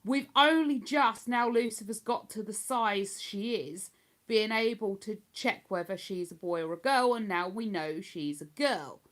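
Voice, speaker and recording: This livestream host is an older woman from Hertfordshire, England, whose accent falls between posh and London. She answers viewer comments in relaxed conversation, speaking unhurriedly in a mid-range, fairly bright voice.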